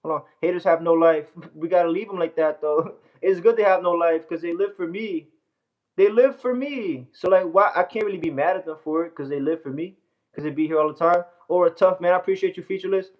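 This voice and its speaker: A brash man from the United States chats loosely on a phone livestream, reading comments and bragging. His voice sits a bit high for a man. The phone audio is muffled and lo-fi. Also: fairly even intonation, fast. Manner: boastful, brash, scattered, often says "hold on" and "bro".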